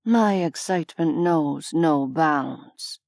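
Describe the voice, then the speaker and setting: A woman's voice: fairly low pitch, no room sound, clean studio sound. Woman doing an aloof, wooden Fae man. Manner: measured, flat and formal.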